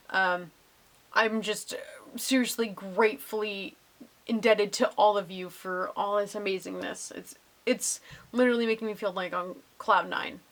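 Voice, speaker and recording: A woman's voice: mid-range voice, fairly bright tone. A young woman casually answering viewer questions in a vlog, bubbly and gushing with lots of ums.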